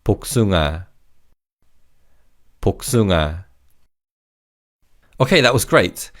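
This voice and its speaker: A man teaching a language lesson, encouraging and repeating each word slowly for learners. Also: deep voice, expressive.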